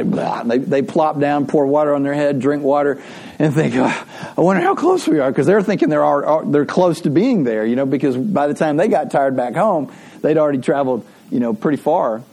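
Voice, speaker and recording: A man delivers a sermon from the pulpit in a mellow, husky voice. He talks conversationally, spinning stories and doubling back on his words as he goes. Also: medium pitch. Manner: conversational storytelling with frequent restarts. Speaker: preacher.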